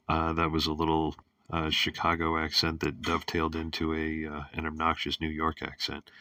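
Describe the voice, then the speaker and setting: A man's voice: very deep voice, monotone, moderate pace, bright, forceful tone, dry recording, clean studio sound, recorded from a distance. A man hosting a casual monologue show, rambling with many fillers and restarts, and cracking crude jokes. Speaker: host.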